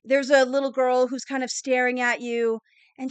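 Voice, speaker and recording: A woman's voice: high voice, normal speed, clear, resonant tone, no room sound. A woman narrating a fantasy tabletop game as game master, rambling with many fillers. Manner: rambling, filler-heavy, animated.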